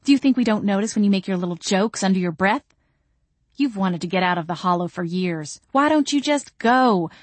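A woman voicing a furious older sister who yells and sneers accusations in a storybook reading. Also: mid-range voice, lively intonation, fairly quick, no room sound, close to an everyday voice. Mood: bitter. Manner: yelling, sneering.

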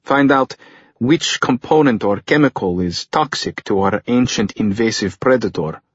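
A man's voice: on the low side, slightly rough, no echo. A male audiobook reader voicing a methodical older male scientist explaining his findings. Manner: measured, explanatory. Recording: dull lo-fi recording.

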